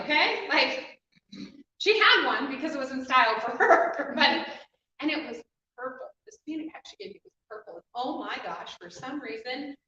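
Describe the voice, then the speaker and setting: A woman with a bright, higher-pitched voice tells a heartfelt personal story, animated and quick to laugh. She sounds far from the mic in a very echoey room, and the recording is slightly dull with faint background noise. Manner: animated, emotional storyteller who laughs often. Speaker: inspirational speaker. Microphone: distant mic.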